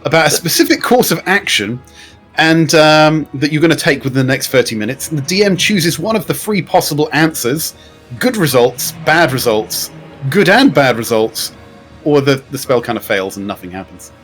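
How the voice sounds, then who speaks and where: A man running a tabletop role-playing game as game master. His voice swings up and down in an animated way as he lays out the players' options. He explains things and jokes along as he goes, with faint music in the background. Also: fairly high pitch, normal speed. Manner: lively, explanatory, jokey.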